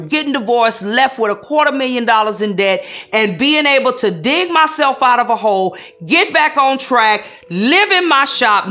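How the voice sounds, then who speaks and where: A woman's voice: a little high, a bit bright. A woman salon business coach giving an earnest, emotional testimony in a documentary interview, with a preacherly rhythm.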